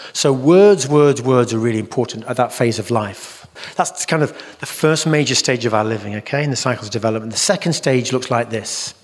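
A middle-aged man giving an earnest teaching talk at a church conference, acting out voices in his stories. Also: medium pitch. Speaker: Christian teacher. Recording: reverberant hall.

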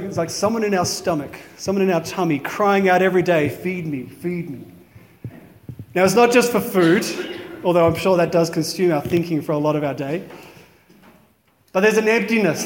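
A man's voice: high voice, fairly even intonation, fairly quick, roomy sound, in a large hall, a little hiss or hum. A man giving a conversational, reflective sermon in a chapel. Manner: conversational, reflective, many "you know" fillers. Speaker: priest.

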